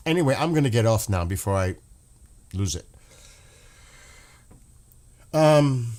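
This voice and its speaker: A man's voice: mid-range voice, expressive, a little slow, long pauses, a little mellow. Impassioned man rambling on a livestream. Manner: emotional, impassioned, swearing; rambling with restarts. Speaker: livestream host. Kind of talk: casual livestream commentary.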